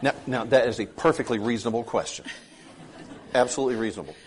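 A man's voice: medium pitch, fast talker, slight background noise. A man co-hosting a casual parenting chat, talking in a conversational, affirming way and sharing anecdotes. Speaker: podcast co-host.

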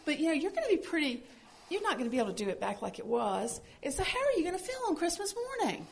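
A woman with a high, lively voice that swoops around a lot, co-hosting a relaxed parenting chat. She tells stories earnestly and expressively. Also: fast talker, creaky. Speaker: podcast co-host. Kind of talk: casual chat about parenting.

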